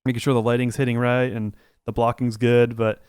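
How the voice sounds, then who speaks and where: A man's voice: mid-range voice, level tone, a little fast, a little mellow, clean tone, no echo, studio quality. A man co-hosting a podcast, chatting casually and rambling through his stories with lots of "like" and restarts. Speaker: podcast co-host. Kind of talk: casual chat.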